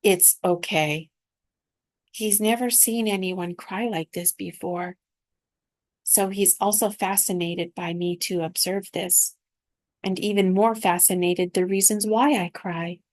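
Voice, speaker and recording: A woman reading aloud from her own spiritual dream journal in a soft, unhurried, reflective way. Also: medium pitch, steady tone, dry recording.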